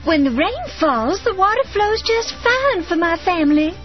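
A woman voicing a cheerful female bug with a light Southern accent in an advertisement. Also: moderate pace. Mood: chirpy. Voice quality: squeaky, high and lively. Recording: dull lo-fi audio with music behind.

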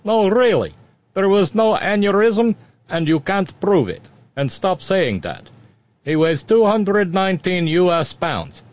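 A blustering mock Russian state spokesman in a thick, cheesy put-on Russian accent, as a man hams it up. He pitches his voice well above a man's normal register and booms every claim. Pompous, over-the-top and loud. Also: very animated, measured pace.

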